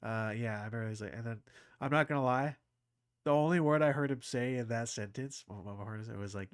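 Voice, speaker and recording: A man talking casually to his audience, rambling with lots of restarts and getting excited as a fan. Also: mid-range voice, fast talker, clear, resonant tone, no echo, clean studio sound. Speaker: anime reaction channel host.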